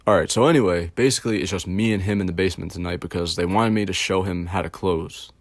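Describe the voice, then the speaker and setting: Low-voiced young man telling a rambling story. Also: quick pace, dry recording. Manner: rambling, profane, lots of filler words. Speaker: host. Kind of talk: casual storytelling.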